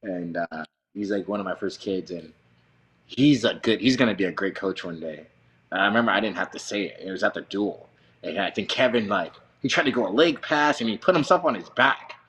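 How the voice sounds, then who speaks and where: A wrestling coach from Southern California talks with a lowish voice. He rambles happily through his stories, packed with "like" and "dude" and frequent swearing. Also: fairly quick, a bit bright. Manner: loose, profane, laughing storyteller, lots of fillers. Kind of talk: casual interview chat.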